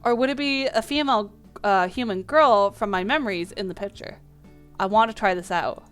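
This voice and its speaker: A woman's voice: mid-range voice, normal speed, clean tone, faint music behind. A woman playing a dating game and reading its text aloud, with small slips and playful asides. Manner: reads lines with small slips and restarts.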